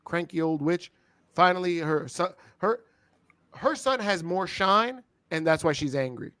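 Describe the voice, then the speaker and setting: A man co-hosting a wrestling review show in casual, profane, excitable chat, laughing often. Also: high-pitched, unhurried, dry recording. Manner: excitable, swearing, laughing, with frequent impersonations.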